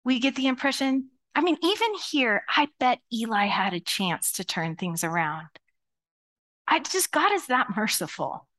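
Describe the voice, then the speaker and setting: A woman pastor delivers a sermon to her congregation with a slightly high-pitched voice. She preaches in a chatty, animated way, slipping into quoted voices as she tells stories. She sounds middle-aged. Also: normal speed. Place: church sanctuary.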